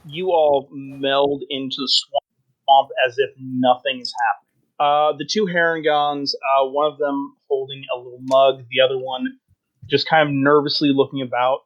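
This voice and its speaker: A man's voice: mid-range voice, little pitch movement, normal speed, muffled recording. A man narrating a tabletop game as game master, describing scenes with many fillers.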